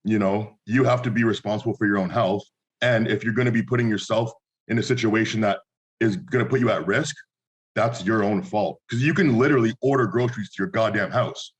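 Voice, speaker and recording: A man's voice: lowish voice, fairly quick, low-quality recording. A young man co-hosting a podcast, telling stories and giving blunt opinions in casual chat. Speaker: podcast co-host.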